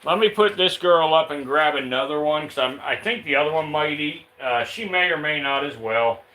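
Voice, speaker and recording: A man casually chatting on a live stream while handling and feeding his snakes, reading out viewer questions in a relaxed drawl. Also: a little high, moderate pace, low-quality recording. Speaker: reptile keeper streaming live.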